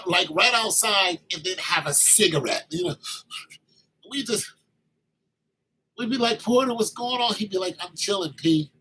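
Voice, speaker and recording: A man in his late fifties telling a story from his army days in a casual, animated way, acting out the other people's lines. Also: high-pitched, a little hiss or hum, rough recording. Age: 50s. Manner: animated, acts out quoted dialogue.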